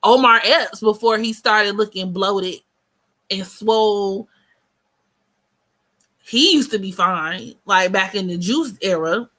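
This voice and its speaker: A woman's voice: mid-range voice, takes it slowly, long pauses, a bit bright. An American woman in her thirties hosting a casual livestream chat, blunt, slangy and joking as she talks. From United States. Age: 30s. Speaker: host.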